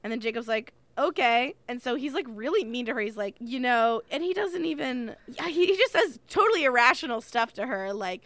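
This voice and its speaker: A woman chatting casually about a book with a friend, animated and sarcastic, swearing freely. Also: a little high, a little fast, few pauses, dry recording. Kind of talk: casual book discussion chat.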